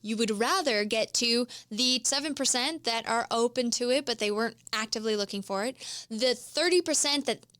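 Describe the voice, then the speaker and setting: A woman's voice: a little high, moderate pace, a bit bright, no echo, clean studio sound. A woman hosting a business podcast, coaching listeners in an explanatory teaching manner. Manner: coaching, explanatory, demonstrates tones of voice. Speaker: host. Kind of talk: instructional podcast monologue.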